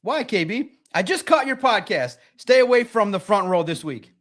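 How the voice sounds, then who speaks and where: A man hosting a casual sports talk livestream, excitable and rambling, with a slightly raspy voice. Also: high-pitched, moderate pace. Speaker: podcast host.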